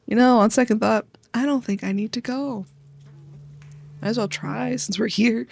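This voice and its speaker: Play a young woman streamer: playful, giggly, with a gravelly edge. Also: mid-range voice, moderate pace, darkish tone, no room sound. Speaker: streamer playing a story game. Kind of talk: casual game commentary.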